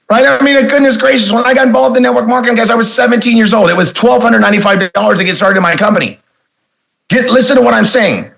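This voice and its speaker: A man in his forties runs a motivational sales training, his voice bright and forceful and pitched a little high. He talks emphatically, tosses rhetorical questions at the room, and stretches words to show off inflection. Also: animated, fast talker, gravelly, poor audio. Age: 40s. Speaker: network marketing speaker trainer.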